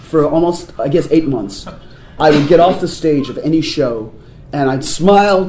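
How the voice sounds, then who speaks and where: A man being interviewed as a musician guest, telling stories in a lively way and laughing often. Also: fairly high pitch, a little fast, a little hiss or hum. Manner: animated storyteller, laughs often. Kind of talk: casual interview talk. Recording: roomy echoey room sound.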